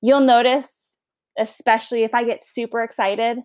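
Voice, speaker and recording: Woman, Long Island accent, fairly high pitch, teacher, casual podcast intro, upbeat, chatty. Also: steady tone, normal speed, a little mellow, clean tone. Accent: Long Island New York. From New York. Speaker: history teacher.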